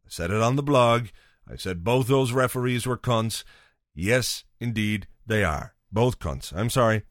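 A man's voice: lowish voice, animated, measured pace, no room sound, clean studio sound. A man hosting a podcast, telling a rambling, profane, wry story in a casual solo monologue. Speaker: podcast host.

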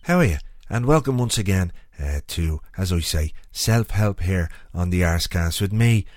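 A man impersonating a pompous middle-aged football manager, hosting a self-help segment in a slow, self-important way. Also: low voice, expressive, no room sound, clean studio sound. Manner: slow, repeats a stock phrase, self-important.

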